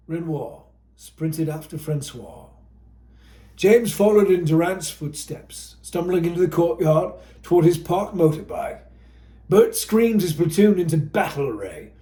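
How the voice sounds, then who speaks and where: A man's voice: a little high, animated, measured pace, dark tone. Dramatic male audiobook narrator, echoey.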